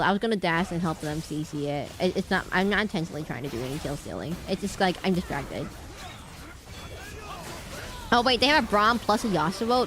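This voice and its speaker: A woman's voice: medium pitch, fairly bright tone, a little hiss or hum. Rambling, chatty woman streamer. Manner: rambling, chatty, self-correcting. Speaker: game streamer. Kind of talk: casual gameplay chat.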